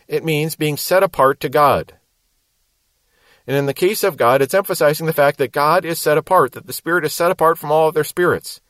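A man teaching the Bible verse by verse, explaining word meanings in a measured, emphatic way. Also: on the high side, no echo.

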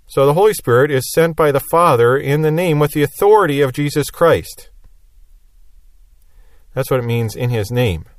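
A man's voice: a little high, normal speed, pauses often, dry recording. A man teaching a Bible lesson verse by verse, explaining plainly and repeating key phrases.

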